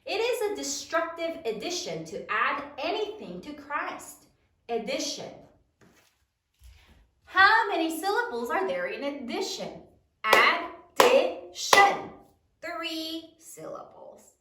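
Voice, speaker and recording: A woman teacher leading a spelling lesson, slowly sounding out each part of a word. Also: high voice, sing-song, bright, forceful tone, reverberant, far from the mic. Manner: slow, deliberate, sounds out phonograms.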